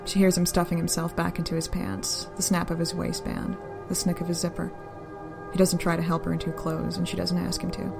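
A woman narrating a story in an even, unhurried, deadpan reading style. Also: on the low side, gravelly, music in the background.

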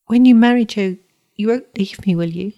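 A woman reading a storybook voices a frail young blind boy in a high, soft, pleading tone. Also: big pitch swings, a little slow. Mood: anxious.

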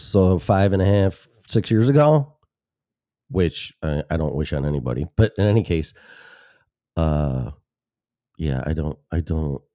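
His deep voice is mellow, recorded with no room sound. Hailing from the Chicago suburbs of Illinois, he hosts a talk show and rambles alone in a sarcastic, profane monologue, interrupting himself along the way.

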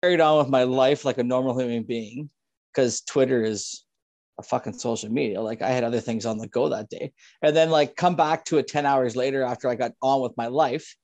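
A man's voice: mid-range voice, fairly quick, a little mellow, dry recording. A man from Ontario, Canada, a farmer talking as a podcast guest over a video call, ranting casually and swearing a lot. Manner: profane, ranting. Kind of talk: casual chat.

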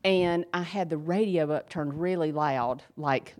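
A woman's voice: low voice, a little slow, darkish tone. A woman in her fifties giving a personal faith testimony, earnest and emphatic, talking conversationally with fillers. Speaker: speaker sharing a faith testimony.

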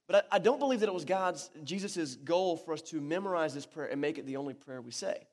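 A man's voice: on the high side, quick pace. A man preaching a sermon to his church, talking casually and with animation, often restarting his sentences. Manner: conversational and animated, with many restarts. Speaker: pastor. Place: church hall. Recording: echoey church hall.

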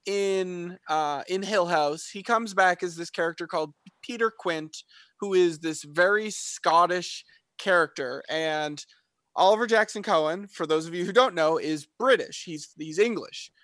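A man with a high voice talks casually on a podcast, rambling and restarting his sentences. The sound is dry and close, with no room around it. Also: unhurried, a bit bright, dry recording. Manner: rambling, frequent fillers and restarts. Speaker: podcast co-host. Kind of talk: casual chat reviewing a TV show.

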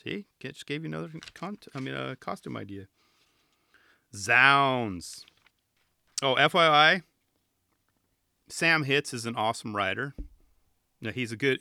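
A man in his thirties hosts a podcast in a loose, joking way, rambling from one aside to the next. His voice has a bright, forceful edge at an ordinary pitch. The sound is dry, with no room around it. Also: animated, measured pace, vocal fry, long pauses, dry recording. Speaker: podcast host. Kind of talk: casual chat reviewing a magazine.

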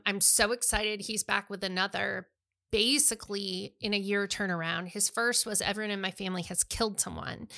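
A woman's voice: mid-range voice, vocal fry, bright, forceful tone. A middle-aged woman co-hosting a podcast, chatting enthusiastically about books. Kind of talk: casual chat about books.

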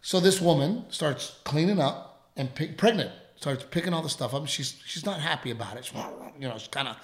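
A radio host telling a story in casual chat, rambling and animated, with plenty of fillers. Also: male voice, fairly high pitch, fairly quick, echoey room.

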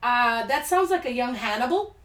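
Higher-pitched woman podcaster in echoey room. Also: expressive, moderate pace, fairly bright tone. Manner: laid-back, reacts with blunt asides. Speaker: podcast host. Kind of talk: casual chat reading listener stories aloud. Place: home studio room.

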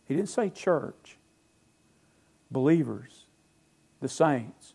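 A man preaching a sermon as pastor, emphatic, asking the congregation questions and answering them, his loudness swinging between phrases. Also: medium pitch, slow pace, vocal fry, pauses often, slightly rough.

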